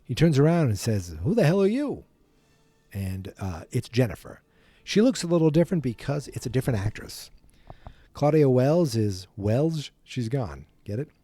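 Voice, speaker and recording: A man's voice: mid-range voice, lively intonation, normal speed, warm tone, dry recording. A man hosting a podcast, casually retelling a film from memory in a rambling, self-deprecating way. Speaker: podcast host.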